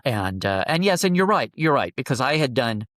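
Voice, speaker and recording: A man as an interview guest, telling a heartfelt personal story in an earnest, halting way, often restarting his sentences. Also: mid-range voice, very animated, fairly bright tone, no room sound, studio quality.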